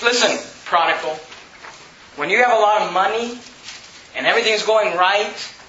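A man's voice: high voice, moderate pace, pushed and bright, roomy sound, lo-fi sound, slight background noise. A man preaching a sermon as pastor, with emphatic, rising bursts of speech.

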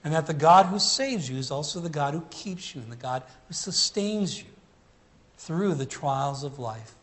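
A man preaching a sermon in an earnest, emphatic way, slowing down to stress key phrases. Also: fairly high pitch, lively intonation, a bit bright.

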